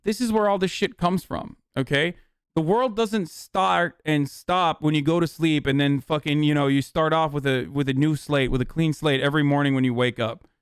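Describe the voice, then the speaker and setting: A man's voice: fairly high pitch, steady tone, normal speed, clear, resonant tone, no room sound, clean studio sound. A man streaming political commentary in a heated, exasperated, profane rant, restarting sentences as he goes.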